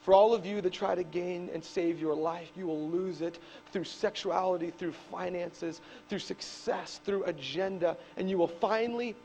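A man preaching a sermon to a live congregation, swinging between loud emphatic bursts and hushed asides. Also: high-pitched. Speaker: pastor. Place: church service with a live congregation.

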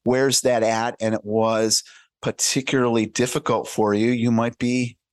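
A man's voice: mid-range voice, level tone, measured pace, no room sound. A man speaking as a podcast guest, giving earnest, conversational advice and acting out short exchanges to make his point. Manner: earnest, explains by acting out little dialogues.

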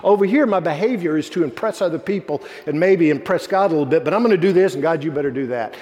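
A man preaching a sermon as pastor, telling stories earnestly and dropping his voice low when quoting others. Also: fast talker, a little mellow, long reverb tail.

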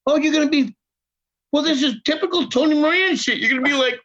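An older man telling a story as a podcast guest, in a casual, profane, animated way, acting out the people he quotes. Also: extremely high pitch, fairly quick, very noisy. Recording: dull lo-fi sound.

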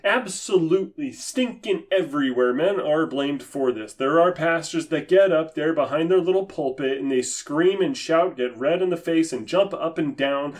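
A man's voice: on the high side, normal speed, hardly any pauses. A man giving impassioned religious commentary, sarcastic and emphatic in a preachy manner. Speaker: Christian commentator.

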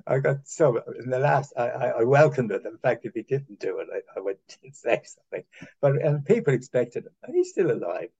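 An older man from Ireland, a former honorary consul, telling long anecdotes in a halting way, with many restarts and chuckles. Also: medium pitch, very animated, dark tone, slightly rough, highs cut off. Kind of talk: rambling anecdotal conversation.

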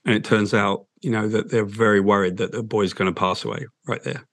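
A man, a guest in an interview, telling an emotional story in a halting, heartfelt way. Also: fairly low pitch, fairly even intonation, no echo. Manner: halting, with restarts, soft and heartfelt.

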